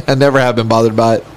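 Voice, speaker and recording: A man's voice: medium pitch, slight background noise. A man co-hosting a podcast in casual chat, crude and laughing often as he tells stories. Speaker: podcast co-host.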